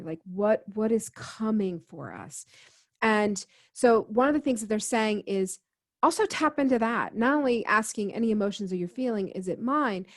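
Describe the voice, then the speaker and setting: A woman, a guest healer, earnestly telling a personal story in an interview and acting out the dialogue as she goes. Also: mid-range voice. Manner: earnest, quotes herself and others in dialogue. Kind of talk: conversational storytelling.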